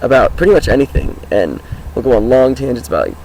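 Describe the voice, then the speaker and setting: Hoarse teenage boy, gravelly voice. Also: mid-range voice, very animated, fast, a little mellow, a little hiss or hum, low-quality recording. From Washington State, US. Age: teens. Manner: rambling, upbeat, many fillers. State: hoarse, groggy voice. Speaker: high school student vlogger. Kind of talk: casual self-introduction vlog. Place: outdoors, sitting on his car.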